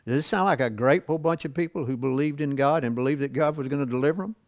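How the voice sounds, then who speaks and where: Brief: male church Bible teacher, folksy and chatty, chuckles between points, fairly high voice, dry close sound. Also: fast, no echo. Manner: asks the class rhetorical questions. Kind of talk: church Bible lesson, reading and explaining scripture.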